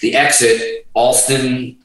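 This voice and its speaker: A man's voice: mid-range voice, little pitch movement, slow, a bit bright, roomy sound, distant mic, rough recording. A middle-aged man, telling rambling, profane stories in a casual chat as a musician guest.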